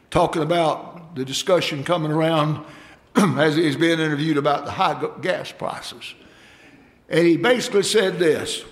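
A man preaching a sermon, folksy and emphatic, calling out for amens from the congregation. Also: fairly high pitch.

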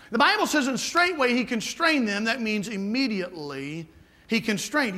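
High, bright-voiced preacher man. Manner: folksy, emphatic preaching with asides. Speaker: guest preacher. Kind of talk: sermon.

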